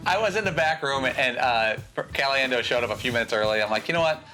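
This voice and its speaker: Quick, bright-voiced radio host. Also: male voice, mid-range voice. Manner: chatty, quotes others while telling stories. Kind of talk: casual studio chat, storytelling.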